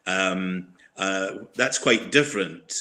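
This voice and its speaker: A man's voice: low-pitched, slow, bright, forceful tone. An older man, a guest columnist, talking over a podcast in a hesitant way, full of fillers and restarts. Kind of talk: casual podcast discussion.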